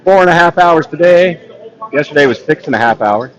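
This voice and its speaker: A man's voice: fairly high pitch, expressive, a little fast, dull audio. Chatty man calling a hockey game. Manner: chatty, self-mocking, laughs often. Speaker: play-by-play commentator. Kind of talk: live sports commentary. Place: on a ladder beside a hockey rink.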